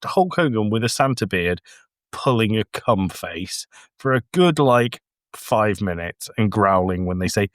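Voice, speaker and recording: A man's voice: lowish voice, lively intonation, a little slow, no echo, clean studio sound. A man co-hosting a podcast, ranting in exasperation about a film and swearing often in casual chat. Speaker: podcast co-host.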